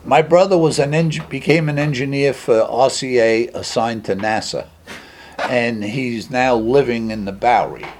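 An older man telling his personal recovery story in a lively conversational way, acting out the dialogue as he goes. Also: mid-range voice, moderate pace, slight background noise. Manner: animated, acts out dialogue in his anecdotes.

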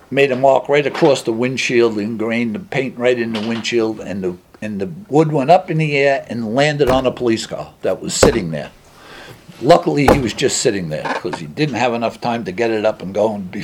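An older man telling his personal recovery story in a lively conversational way, acting out the dialogue as he goes. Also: medium pitch, a little hiss or hum. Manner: animated, acts out dialogue in his anecdotes.

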